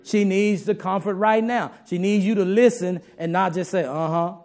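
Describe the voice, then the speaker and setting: A man's voice: high-pitched, normal speed, a little mellow. A man preaching a sermon to his congregation in a folksy, humorous way, talking straight to the listeners.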